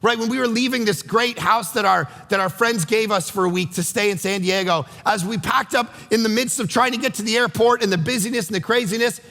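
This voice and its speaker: A man, a pastor, preaching a sermon with energetic, conversational storytelling in a church auditorium. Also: high voice, fairly quick, gravelly, hardly any pauses. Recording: echoey church hall.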